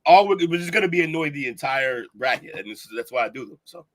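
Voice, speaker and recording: An opinionated man co-hosts a casual podcast and argues his points with laughing asides. His mid-pitched voice is bright and forceful, with very lively melody. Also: fast. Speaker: podcast co-host.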